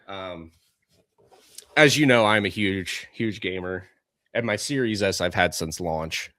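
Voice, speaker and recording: A man's voice: deep voice, a little slow, sharp tone, no echo. A young man co-hosting a podcast, chatting casually, ranting and going off on tangents. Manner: rambling, ranting, goes off on tangents. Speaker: podcast co-host. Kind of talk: casual chat.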